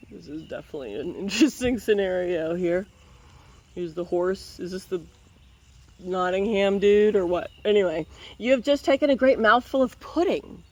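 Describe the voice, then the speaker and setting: A woman's voice: medium pitch, darkish tone. Playful woman reading a picture book. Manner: playful, wry running commentary. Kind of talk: reading a picture book aloud with joking asides.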